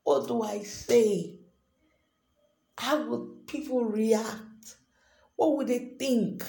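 A woman's voice: on the high side, very slow, long pauses, warm tone. A woman hosting her own unscripted devotional podcast, speaking earnestly and repeating herself. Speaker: podcast host. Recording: echoey room with faint music.

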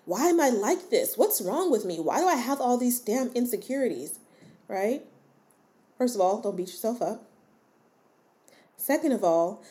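A woman's voice: mid-range voice, warm tone. A woman hosting a self-help podcast in a candid, casual way, talking straight to the listener and often checking in with her. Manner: candid and conversational, with frequent "like" and short laughs. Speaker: podcast host.

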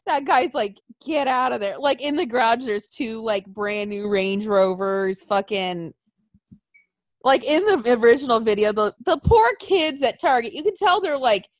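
Woman, young adult, casual chat, profane storyteller, high voice, dry close sound. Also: a little slow, no echo. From Arizona. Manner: profane, animated, mimics people in quotes.

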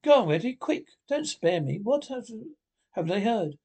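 A man putting on an excitable, vain old toad. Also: high voice, measured pace, gravelly, slightly rough, exaggerated voice. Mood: anxious. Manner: fretful, gushing speech full of restarts. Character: vain, excitable male toad, now humbled. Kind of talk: storybook character voice.

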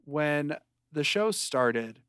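A young man co-hosting a podcast, chatting casually and ranting at his friend in mock anger, with a dry deadpan delivery. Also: a little high, drawn-out words, clear, resonant tone, no echo. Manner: mock-angry deadpan rants. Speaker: podcast co-host. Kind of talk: casual chat.

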